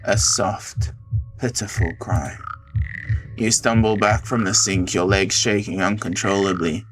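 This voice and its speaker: A man streaming a visual novel, reading it aloud dramatically with excited outbursts. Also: on the low side, measured pace, husky. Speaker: game streamer. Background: game music.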